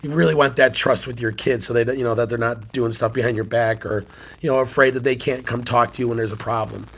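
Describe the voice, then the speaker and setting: Fast and husky, a little bright, this man speaks at medium pitch with fairly even intonation. In his forties, he hosts a relaxed morning chat on his channel and, as a sports-card collector and youth coach, spins a family tale full of laughter and a recurring cough.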